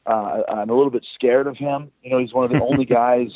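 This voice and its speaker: Man, band frontman, casual phone interview, animated storytelling, phone-line audio, dry. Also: medium pitch, quick pace, dry recording. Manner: loose, swearing, animated storytelling. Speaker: rock band frontman, guest.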